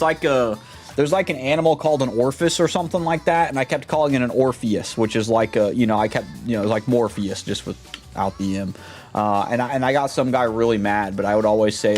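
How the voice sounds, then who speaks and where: A man's voice: mid-range voice, a little mellow. A young man chatting casually on a stream, rambling and trying out silly voices.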